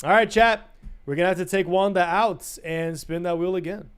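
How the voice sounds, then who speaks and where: Playful streamer man, fairly high voice. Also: normal speed, clear, resonant tone. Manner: playful and teasing, laughs a lot and breaks into sing-song. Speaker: livestreamer. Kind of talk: casual chat to a live stream audience.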